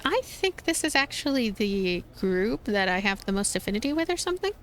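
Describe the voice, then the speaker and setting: A woman's voice: medium pitch, big pitch swings, brisk. A woman hosting a let's play, chatty and amused in casual gameplay commentary.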